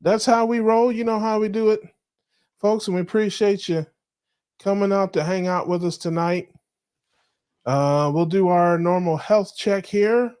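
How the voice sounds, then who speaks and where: A man's voice: sits high, steady tone, a little slow, darkish tone, clean tone. A man co-hosting a live diet chat show over a video call, joking, teasing and laughing often. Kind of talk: casual live-stream chat.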